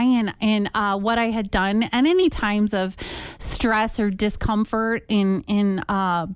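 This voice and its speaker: Woman, upbeat storyteller, chatty, smooth clear voice, dry close sound. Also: on the high side, dry recording. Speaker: radio guest sharing a testimony. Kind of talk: personal faith story, told conversationally.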